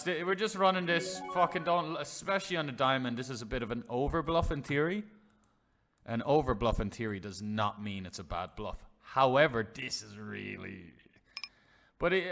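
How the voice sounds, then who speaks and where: Animated man streaming poker. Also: mid-range voice, creaky. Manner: chatty, swears freely, addresses chat as lads. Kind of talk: live poker commentary.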